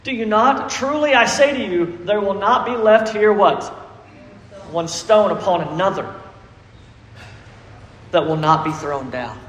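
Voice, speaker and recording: Emphatic high-voiced preacher. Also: male voice, measured pace, pauses often, fairly bright tone. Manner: preachy and emphatic, asks the congregation questions. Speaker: pastor. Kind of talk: sermon. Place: church sanctuary. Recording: echoey reverberant church hall.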